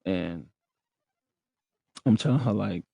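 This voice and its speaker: A low-pitched man with a gravelly, creaky voice tells a story on his podcast. His talk is slangy and profane, and he keeps checking in with his listeners. The sound is dry and close. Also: expressive, slow, warm tone, no echo. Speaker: podcast host. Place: room in a rehab center.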